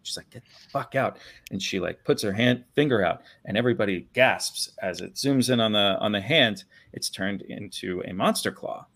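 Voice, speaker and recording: A man's voice: lowish voice, normal speed, creaky, hardly any pauses, a bit bright. A male filmmaker guest enthusiastically retelling the story of his film. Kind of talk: animated storytelling.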